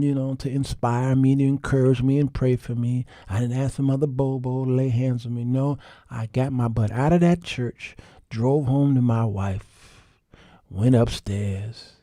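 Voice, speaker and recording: A man hosting his show, telling a comic story animated and laughing, calling listeners y'all. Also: mid-range voice, dry recording, clean studio sound. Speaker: show host.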